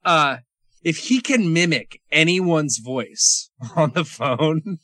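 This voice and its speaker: A man's voice: on the high side, expressive, slow pace, bright, forceful tone, no echo. A man co-hosting a podcast, reviewing movies in casual chat and laughing often. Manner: laughs often, trails off into quoting scenes.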